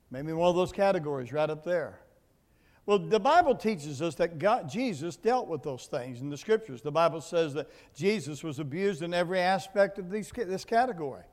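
A man preaching a sermon, dropping to quiet asides and then rising to loud, emphatic points, often repeating words as he builds. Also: on the high side, expressive, moderate pace, in a large hall. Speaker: pastor. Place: church building.

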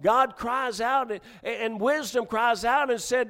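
Here a middle-aged preacher speaks at an extremely high pitch, slowly and almost without pausing. His sermon alternates between quiet narrative and loud exhortation, with many restarted words.

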